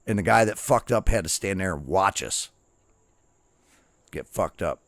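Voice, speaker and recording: A man's voice: low voice, lively intonation, unhurried, gravelly, dry recording. A man streaming and telling profane, rambling stories in a casual chat. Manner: profane, storytelling, barks quoted drill shouts.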